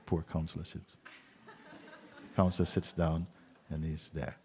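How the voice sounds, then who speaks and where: A man, a spiritual teacher, telling a story gently at a retreat, with soft, trailing endings. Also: very deep voice, level tone, measured pace, long reverb tail, a little hiss or hum. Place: retreat hall.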